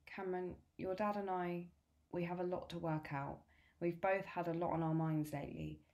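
Soft reassuring mum, lady reading her, low voice, storybook. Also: fairly even intonation, normal speed, lightly acted. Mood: gentle. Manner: gentle, reassuring. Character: loving, gentle mother of a teenage son.

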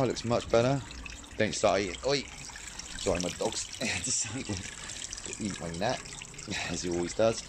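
A man's voice: sits low, background noise. A man, a carp fishing vlogger, ranting bluntly and casually in a home video, using slang and strong opinions. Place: at home, then outdoors by a garden pond.

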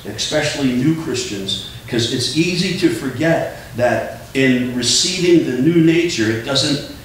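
A man preaching a sermon as pastor, earnest and emphatic, often repeating words as he drives a point home. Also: mid-range voice. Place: church sanctuary. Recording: echoey church room, distant mic, faint hum.

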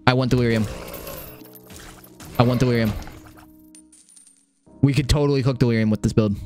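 Excitable, swearing young man streaming a game. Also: mid-range voice, normal speed, soft background music. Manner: excitable, swears a lot, repeats phrases. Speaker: gaming streamer. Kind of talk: live gameplay commentary.

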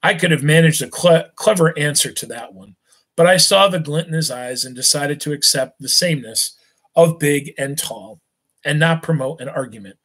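A man, a teacher, reading a novel aloud in a steady, unhurried way with small slips. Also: on the high side, slightly rough.

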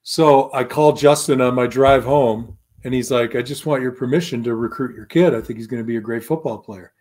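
A man's voice: mid-range voice, fairly quick, darkish tone. A man in his fifties, a former pro football lineman, telling stories as a guest in a casual interview, acting out quoted voices and laughing often.

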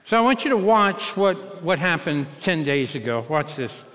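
Older American male pastor, sixties, high-pitched, wry self-mocking preaching style, reverberant auditorium sound. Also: sing-song, normal speed, a bit bright, slight background noise. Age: 60s. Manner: self-mocking storytelling, turning earnest. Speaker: teaching pastor. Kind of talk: humorous sermon. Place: large church auditorium.

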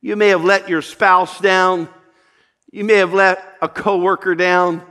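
A man's voice: high-pitched, little pitch movement, measured pace, sharp tone, clean tone. A male pastor preaching a sermon, telling a story earnestly with repeated false starts.

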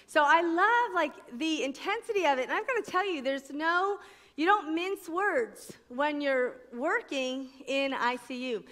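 A middle-aged woman from New Jersey speaks on a conference stage, telling her story with bright, crisp energy and playing out each voice she quotes. Her voice sits high, and the hall's long echo hangs behind her words. She talks the way a practiced speaker does at a faith event. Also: lively intonation, measured pace. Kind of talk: personal testimony talk. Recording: echoey conference hall.

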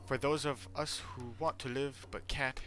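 A man doing a mock British accent as an earnest young male headmaster, speaking slowly and pleadingly. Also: medium pitch, steady tone, a bit bright, faint music behind, voice pushed up, lightly acted. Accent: attempted British.

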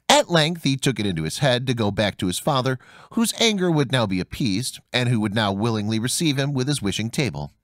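Expressive male fairy tale narrator. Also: mid-range voice, no room sound, studio quality. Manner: expressive storytelling, voicing each character. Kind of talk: audiobook fairy tale reading.

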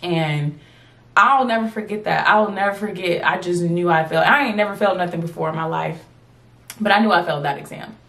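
A woman's voice: fairly low pitch, a little fast. Chatty twenty-something woman vlogger. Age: 20s. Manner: animated, chatty, addresses viewers as y'all. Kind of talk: storytime vlog.

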